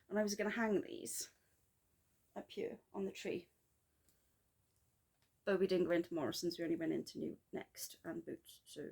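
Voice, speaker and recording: Chatty rambling woman vlogger. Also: mid-range voice. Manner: chatty, rambling, self-deprecating, quick asides. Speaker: flosstube vlogger. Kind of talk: casual chat.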